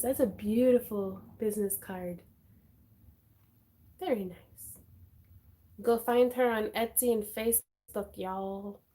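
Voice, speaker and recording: A woman hosting a craft livestream, chatting casually in a bubbly, excitable way with frequent giggles. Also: fairly high pitch, a little hiss or hum.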